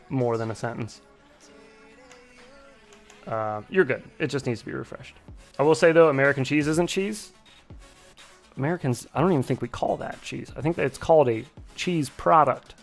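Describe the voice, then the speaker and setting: A man's voice: mid-range voice, fairly quick, faint music behind. A man casually chatting on a live stream, rambling and joking as he reacts to chat. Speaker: streamer hosting a drone flight sim stream.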